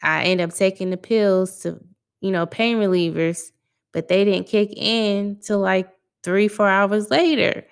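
Her mid-range voice is steady, unhurried, and creaky, yet clear and resonant. She's a young adult podcast host doing a relaxed solo chat full of slang.

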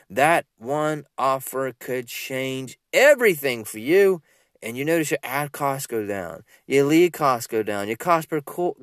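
A man's voice: medium pitch, dry recording, clean studio sound. A man from Georgia, giving a casual, rambling motivational talk as a business coach. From Georgia, USA. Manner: animated, rambling, repeats himself.

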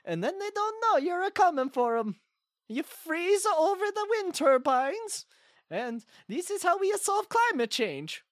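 A man voicing a bumbling, scheming Swedish man in a put-on Swedish accent and broken, halting English. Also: very high-pitched, big pitch swings, dry recording, clean studio sound, full character voice. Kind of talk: comedic improvised call-in character.

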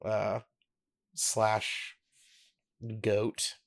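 A young man co-hosting a podcast, telling a story in a casual, giggly, animated way. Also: on the low side, very slow, creaky. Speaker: podcast co-host.

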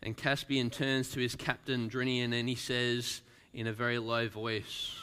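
A man preaching at a slow, deliberate pace, reading a story aloud to his congregation. His voice is bright and crisp, and he lets lines fall almost to a whisper for emphasis. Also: medium pitch, flat delivery. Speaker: pastor. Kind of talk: sermon with a read-aloud story.

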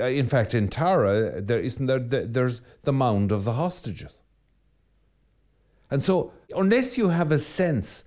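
A priest giving a reflective sermon that drifts into storytelling. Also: male voice, medium pitch, mellow. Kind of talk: spoken sermon.

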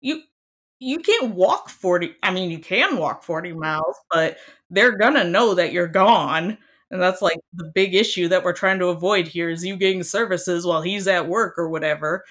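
A young woman from Iowa chatting casually as a guest, animated and emphatic, often laughing. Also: fairly low pitch, moderate pace. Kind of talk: casual chat.

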